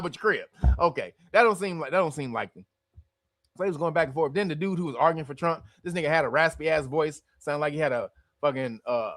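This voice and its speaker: High-voiced, profane man ranting. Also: dry recording, studio quality. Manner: animated, profane, laughs often. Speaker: livestream host. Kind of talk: casual commentary rant.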